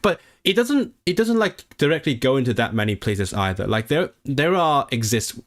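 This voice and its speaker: A man in his late twenties from Hong Kong, hosting a livestream and chatting casually and excitably with viewers, often restarting his sentences. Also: mid-range voice, moderate pace, no echo, clean studio sound. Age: late 20s. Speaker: livestream host. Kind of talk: casual chat with stream viewers.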